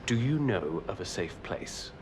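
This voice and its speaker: A man's voice: low voice, very animated, a little slow, very noisy. An actor playing a proud, aggrieved male monster hunter who speaks with formal, haughty gravity in a video game. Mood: wounded pride. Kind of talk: video game character dialogue.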